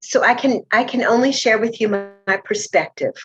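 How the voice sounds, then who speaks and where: A woman presenter with a Southern US accent and a slight cough, reading a prepared talk in a slow, measured way. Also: a little high, highs cut off, faint music behind.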